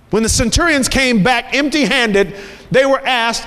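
A man preaches a sermon in a high voice, pressing his points home by repeating phrases. His words ring out with the long reverb of a large hall. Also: a little slow, pushed and bright, clear, resonant tone. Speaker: pastor.

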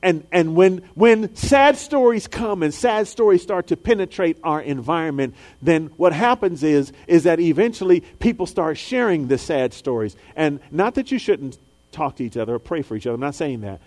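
A man preaching a sermon, dropping low and soft, then rising high and loud, and acting out the voices of people in his stories. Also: lively intonation, normal speed. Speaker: pastor.

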